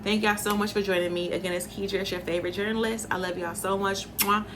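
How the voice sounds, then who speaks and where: A woman's voice: mid-range voice, fairly even intonation, quick pace, noisy background. A young woman journalist hosting her own show, chatting to viewers in a casual, opinionated way and calling them y'all. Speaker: host and journalist.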